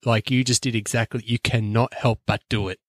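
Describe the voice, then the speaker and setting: A man's voice: medium pitch, little pitch movement, brisk, dry recording. A man co-hosting a podcast in casual, rambling, enthusiastic chat full of fillers. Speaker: podcast co-host.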